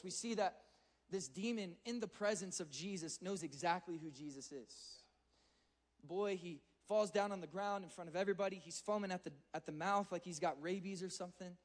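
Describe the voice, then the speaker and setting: Young man preaching to teens, high voice, earnest and chatty, stumbles over repeated words. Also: fairly quick. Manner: earnest, conversational, repeats words when excited. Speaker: youth speaker. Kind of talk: sermon to a youth audience.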